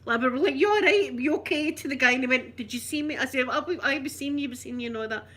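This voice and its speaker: A woman's voice: high voice, fairly even intonation, fast, pushed and bright. A middle-aged Scottish woman telling a story casually, acting out the people she quotes.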